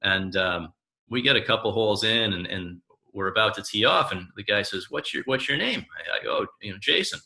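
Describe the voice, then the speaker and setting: A man in his thirties tells personal stories about family in a lively way. His voice is a little low for a man and bright, with a forward edge, and he acts out the lines of the people he quotes. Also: fairly quick, vocal fry. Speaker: coach. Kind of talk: personal storytelling talk.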